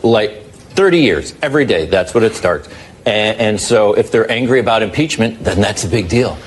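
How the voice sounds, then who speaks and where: A man's voice: lowish voice, expressive, normal speed, slight background noise. A man giving earnest political commentary and building an argument step by step.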